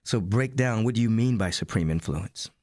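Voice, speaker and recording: Male radio host, low voice, dry studio sound, affirming interviewer. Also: animated, moderate pace, a little mellow, dry recording. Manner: affirming, prompting questions.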